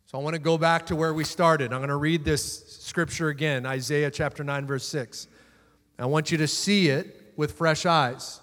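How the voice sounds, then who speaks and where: A man with a fairly high voice preaches a sermon. He swings between ringing, emphatic declarations and hushed asides. A long reverb trails his words, as in a large church hall. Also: steady tone, normal speed. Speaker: pastor.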